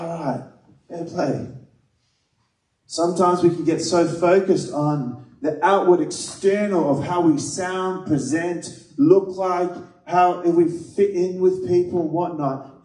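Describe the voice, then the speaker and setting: A man's voice: a little high, dark tone. A man preaching a sermon, earnest and conversational, mixing scripture with personal stories. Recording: echoey room, mic at a distance.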